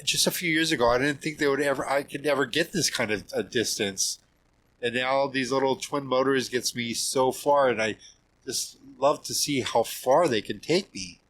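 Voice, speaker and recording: A middle-aged man with an ordinary pitch tells his stories in an animated, lively way, stumbling and restarting often. A faint hiss of background noise sits under his voice. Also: poor audio. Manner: animated, acts out quoted voices, frequent restarts and laughs. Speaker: podcast guest, trail runner. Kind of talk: casual storytelling interview.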